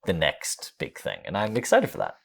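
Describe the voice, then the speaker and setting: A man co-hosting a casual podcast, reviewing a game with jokey, animated asides. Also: sits low, moderate pace, vocal fry. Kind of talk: casual chat.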